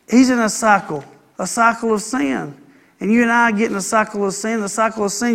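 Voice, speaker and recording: Man, pastor, sermon, folksy and chatty, raised pitch, gravelly edge. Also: brisk, a bit bright. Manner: folksy, conversational preaching with playful asides.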